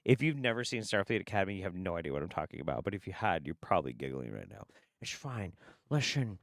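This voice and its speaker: A man's voice: deep voice, very animated, fast talker, no room sound, clean studio sound. A man streaming casual commentary on clips, sarcastic and profane, often laughing.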